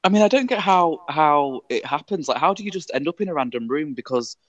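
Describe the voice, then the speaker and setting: A man's voice: on the high side, expressive, a little fast, dry recording, dull audio. A young man from Leeds with a posh English accent, a councillor chatting in an interview over a video call, articulate and self-deprecating, laughing often. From Leeds, England. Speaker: councillor guest. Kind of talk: casual interview chat.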